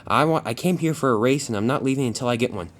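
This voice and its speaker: A man's voice: mid-range voice, fast talker, a little hiss or hum, lightly acted. A man voicing a boastful, rude male biplane who taunts and pushes for a race. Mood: taunting. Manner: taunting, pushy.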